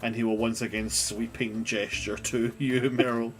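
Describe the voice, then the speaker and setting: A man's voice: mid-range voice, level tone, moderate pace, faint music behind. A man acting as game master, narrating a tabletop role-playing game in a laid-back way with small chuckles.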